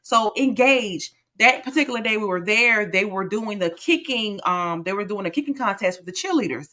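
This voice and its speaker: A woman's voice: mid-range voice, expressive, normal speed, bright, forceful tone. A woman co-hosting a podcast, chatting casually and giving advice with frequent hesitant ums. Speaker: podcast co-host. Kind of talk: casual chat.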